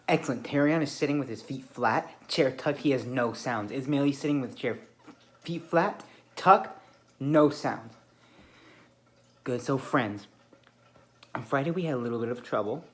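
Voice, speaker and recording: Calm man giving classroom directions. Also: medium pitch. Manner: calm, deliberate teacher voice, narrating and praising behaviour. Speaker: teacher. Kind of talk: classroom instruction to a small group of children. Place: classroom at a U-shaped table.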